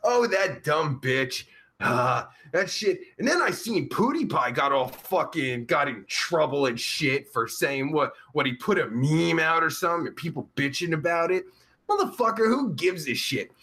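A man's voice: animated, normal speed, pushed and bright. A man playing a crude sleazy pimp with a sore throat. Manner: vulgar, rambling, swings pitch up and down. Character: crude sleazy adult male pimp, rude and boastful. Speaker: live-stream comedy host in character. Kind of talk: improvised live-chat comedy rant.

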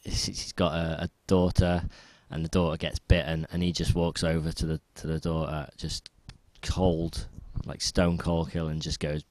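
A man co-hosting a podcast in casual chat, rambling and trailing off into quiet asides. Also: extremely low pitch, little pitch movement, normal speed, hardly any pauses, dry recording. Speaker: podcast co-host.

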